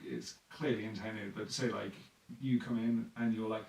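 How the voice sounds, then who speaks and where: A man's voice: fairly low pitch, steady tone, normal speed, creaky, darkish tone, echoey room, far from the mic, low-quality recording. A man chatting casually on a podcast about running tabletop games, rambling with lots of fillers and acting out players' lines. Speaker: dungeon master guest.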